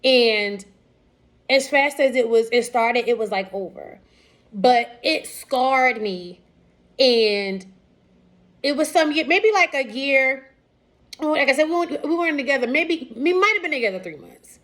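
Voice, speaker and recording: A woman's voice: sits high, lively intonation, unhurried, a bit bright. A woman in her thirties telling a personal story in a candid, casual way, full of fillers and restarts and acted-out quotes. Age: 30s. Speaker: vlogger sharing personal story.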